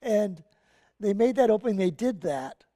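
Animated preacher with a lively pitch. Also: moderate pace, in a large hall. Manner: animated storytelling with casual asides. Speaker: pastor. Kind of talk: sermon. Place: church sanctuary.

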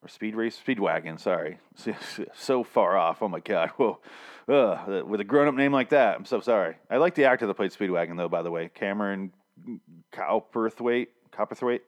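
A man's voice: on the low side, moderate pace. Rambling, profane male TV reviewer. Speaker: TV show reviewer. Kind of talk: casual recap vlog.

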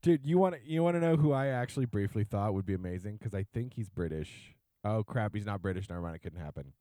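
Lively joking man, dry close mic. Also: fairly low pitch, fast, no room sound. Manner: joking, animated, swears casually. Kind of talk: casual chat.

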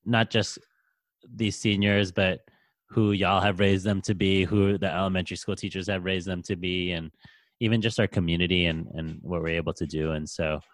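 A man's voice: deep voice, fairly even intonation, moderate pace. A man hosting a casual podcast interview, reflective and encouraging as he asks questions. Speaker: podcast host, high school teacher.

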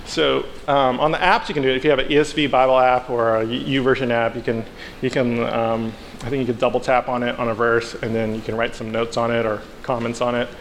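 A man's voice: medium pitch, level tone, fairly quick. A man preaching a casual sermon, telling a story with playful asides and acting out the characters. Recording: long hall reverb, faint background noise.

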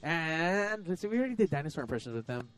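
High-voiced joking male podcast host. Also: sing-song, fast talker, a bit bright, clean tone. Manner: joking, laughs often. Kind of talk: crude casual banter.

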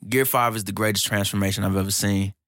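A man hosting a podcast in an excited casual monologue, slangy and animated, laughing often and jumping up in pitch when hyped, on a close mic in a small studio. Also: fast talker, dry recording. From United States. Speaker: podcast host.

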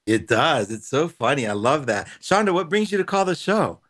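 A man hosting a call-in radio show, gently reassuring callers and calling them sweetie and honey. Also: a little high, big pitch swings, moderate pace, dry recording, studio quality.

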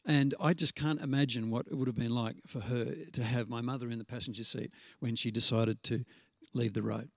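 A man preaching a sermon in a conversational storytelling way, slowing down to stress scripture references. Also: mid-range voice, steady tone, gravelly, dry recording. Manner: conversational storytelling with frequent fillers and restarts.

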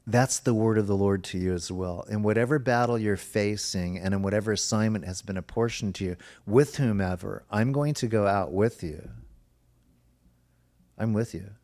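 A man preaching a sermon as pastor, earnest and emphatic, now and then slowing to a soft, drawn-out stress. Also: lowish voice.

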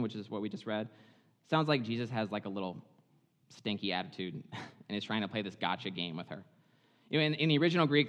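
A man preaching in a chatty, animated way, dramatizing the story as he goes. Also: medium pitch, big-room sound, muffled recording. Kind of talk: sermon, conversational Bible storytelling.

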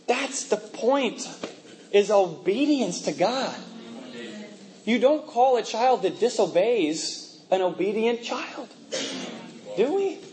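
High-voiced man preaching a casual sermon. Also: sing-song, takes it slowly, long pauses, a little mellow, poor audio. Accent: mixed, from working in a multinational office. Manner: conversational, laughing asides, rhetorical questions.

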